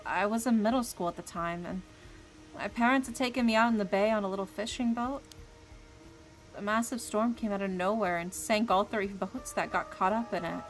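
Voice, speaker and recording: A woman's voice: mid-range voice, moderate pace, soft background music, close to an everyday voice, rough recording. A woman voicing an earnest, troubled young man in a game, speaking seriously.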